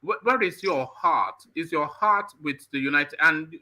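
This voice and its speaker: A man's voice: a little high, unhurried, pushed and bright, low-quality recording. A man hosting a live call-in show, pressing a guest with pointed, repeated questions. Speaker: talk show host.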